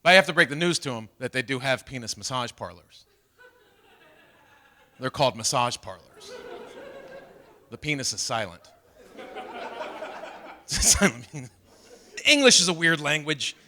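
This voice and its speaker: A man's voice: mid-range voice, very animated, normal speed, pauses often, sharp tone. A middle-aged man doing a stand-up comedy set, acting out voices of his wife and son. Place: live comedy stage with audience. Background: audience laughter.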